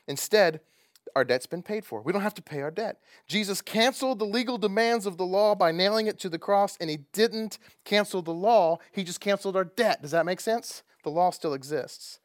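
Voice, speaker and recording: A man's voice: high voice, no room sound, clean studio sound. A man preaching a conversational sermon who chuckles often and asks his listeners questions. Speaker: pastor.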